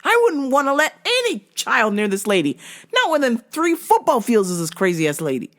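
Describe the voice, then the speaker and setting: A woman host spinning a comic story, swearing freely and laughing at her own material. Her pitch jumps and dips expressively throughout. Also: a little fast. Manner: profane, animated, comic. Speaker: podcast host. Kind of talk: casual storytelling monologue.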